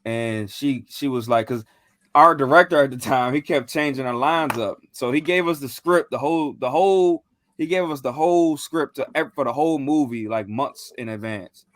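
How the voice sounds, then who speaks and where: A man's voice: mid-range voice, moderate pace, a bit bright, no room sound. A young man in casual chat, telling a rambling, slangy story with lots of fillers and restarts. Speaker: podcast co-host.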